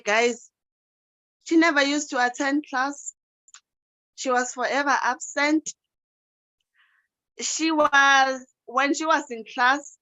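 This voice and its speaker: A woman's voice: sits high, fairly bright tone, no echo, low-quality recording. A woman, a teacher and life coach, giving an emotional motivational talk on a video call. She repeats herself often and keeps calling her listeners guys.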